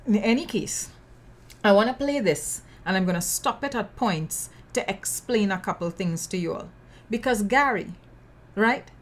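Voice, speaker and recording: A woman's voice: mid-range voice, animated, unhurried. A woman with a Trinidadian accent hosting a news commentary podcast, outspoken and sassy, full of local slang and emphatic repetition. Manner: emphatic, repeats words for effect. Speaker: podcast host.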